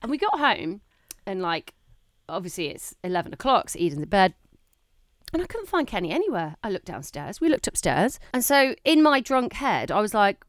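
A woman's voice: brisk, no room sound, studio quality. A woman in her thirties, co-hosting a casual chat podcast and telling stories animatedly, acting out quoted lines. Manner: animated storytelling, acting out quotes with big pitch jumps. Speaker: podcast co-host.

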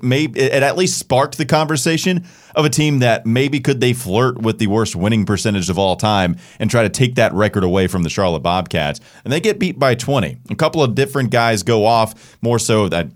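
A man hosting a sports podcast, rattling off stats with sarcastic asides. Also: medium pitch. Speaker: podcast host.

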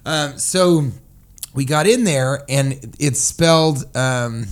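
A man's voice: mid-range voice, takes it slowly. A man co-hosting a casual comedy podcast, rambling through a funny story and riffing on words. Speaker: podcast co-host.

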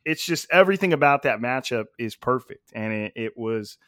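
A man hosting a sports podcast, talking casually in a loose, relaxed way. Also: mid-range voice, normal speed, no room sound, studio quality. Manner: laid-back, loose, filler-heavy. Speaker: podcast host.

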